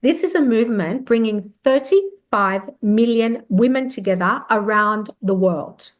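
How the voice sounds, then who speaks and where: A woman, hosting a podcast interview, effusive and quick to affirm her guest. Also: fairly high pitch, animated. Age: 50s. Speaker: podcast host. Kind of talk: interview conversation.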